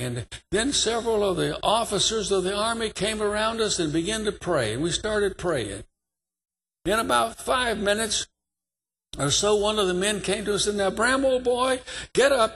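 Animated high-voiced preacher man. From New York. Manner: animated testimony, rising to fervent emphasis. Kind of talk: sermon storytelling.

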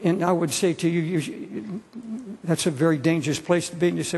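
A man's voice: a little high, fairly quick, a little mellow, slightly rough. A man in his seventies preaching an earnest sermon to a congregation, repeating phrases for emphasis. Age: 70s. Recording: long hall reverb.

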